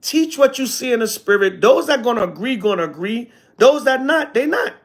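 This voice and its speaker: Animated, high-pitched man teaching on livestream. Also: normal speed. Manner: animated, conversational, slangy, sarcastic asides. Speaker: elder teaching a livestream audience. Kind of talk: casual livestream teaching, reading chat comments.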